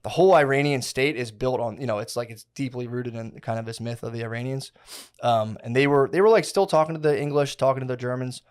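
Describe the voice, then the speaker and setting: A man's voice: mid-range voice, quick pace, clean tone. Rambling, profane young man. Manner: rambling, profane, slangy storytelling with many fillers. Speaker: podcast co-host. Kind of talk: casual podcast chat.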